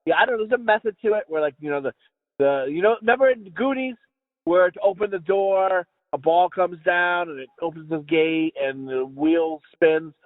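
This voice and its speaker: A man's voice: high voice, normal speed, dry recording, phone-quality sound. A man on a podcast, telling a casual comedic story in a rambling, profane way with many restarts. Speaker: podcast co-host.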